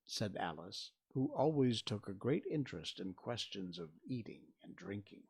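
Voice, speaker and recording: Guy reading a kids story out loud, slow and raspy, lively pitch. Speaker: reader.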